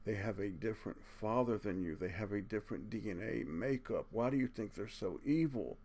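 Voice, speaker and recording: A man's voice: lowish voice, fairly quick, darkish tone. A man giving an earnest, preachy monologue to his viewers, speaking bluntly, cursing casually and tacking "man" onto his sentences. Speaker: video channel host.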